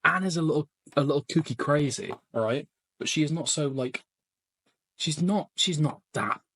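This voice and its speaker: A man's voice: fairly high pitch, animated, moderate pace, fairly bright tone, no room sound. Sarcastic swearing man reacting live. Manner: sarcastic, swears a lot, mocking asides. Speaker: streamer reacting to a debate. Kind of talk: casual reaction commentary.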